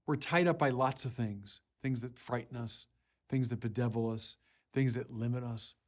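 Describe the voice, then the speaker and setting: In a mid-range voice, a bishop preaches his Sunday sermon with slow, earnest, deliberate phrasing and frequent pauses. When he quotes scripture, his delivery rises in force.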